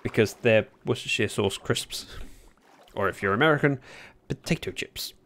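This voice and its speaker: A man chatting casually at his desk while livestreaming a game, speaking into a desk microphone, with sudden excited yelps. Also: medium pitch, moderate pace. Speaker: gaming livestreamer. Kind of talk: casual commentary while playing.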